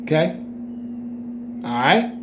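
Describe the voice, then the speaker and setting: Very animated yet slow-paced, a man with a slightly high voice teaches scripture informally and emphatically over background noise. He keeps checking in with listeners by saying "okay?".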